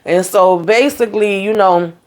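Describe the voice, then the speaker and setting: A woman's voice: mid-range voice, normal speed, darkish tone. A woman giving a casual TV show recap, talking bluntly and chattily with plenty of profanity. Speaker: TV recap vlogger.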